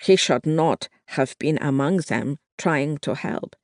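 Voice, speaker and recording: A narrator voicing a wounded sergeant who speaks English, keeping his voice low and cautious. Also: slow pace, no echo, studio quality. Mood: confiding. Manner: cautious, lowered voice. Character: wounded adult male German sergeant, guarded. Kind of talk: audiobook narration.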